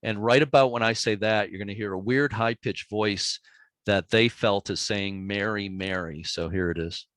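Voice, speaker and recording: Low-pitched male presenter, laid-back storyteller giving a talk to an audience, dry close mic. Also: normal speed, no room sound. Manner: relaxed, chatty storytelling with easy chuckles. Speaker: author giving a library presentation. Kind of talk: storytelling public talk with slides and audio clips.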